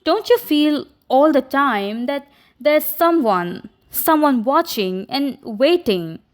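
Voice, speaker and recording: A woman's voice: high voice, animated, takes it slowly. A woman reading a frightened young woman. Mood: uneasy. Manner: anxious, breathless, urgent.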